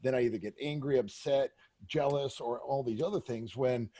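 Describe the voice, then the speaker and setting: A man's voice: mid-range voice, normal speed, dark tone. A man as a podcast guest, talking in a brash, profane, candid way with lots of fillers, close to the mic. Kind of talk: candid casual interview talk.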